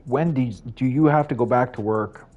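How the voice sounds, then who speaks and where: A young man live streaming and chatting casually with viewers, rambling, laughing at himself and jumping into high voices for quotes. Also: moderate pace, darkish tone, dull audio, soft background music. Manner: rambling, self-mocking, laughs often, jumps pitch for quoted voices.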